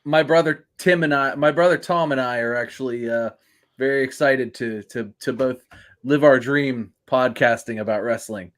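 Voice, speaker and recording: A man's voice: medium pitch, moderate pace, a bit bright. A man co-hosting a wrestling podcast in casual chat, joking around and laughing often. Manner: jokey, laughs often, chatty. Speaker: podcast co-host.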